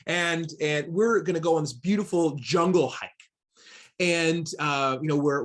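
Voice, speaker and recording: Animated high-voiced male trainer. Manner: animated storyteller, acts out inner voices; conversational, with many fillers and restarts. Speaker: diversity trainer. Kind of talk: interactive training talk.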